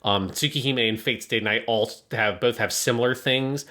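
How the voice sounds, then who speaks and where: A man's voice: medium pitch, moderate pace, sharp tone. A man co-hosting a podcast, picking apart a story in casual, analytical chat and swearing now and then. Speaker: podcast co-host.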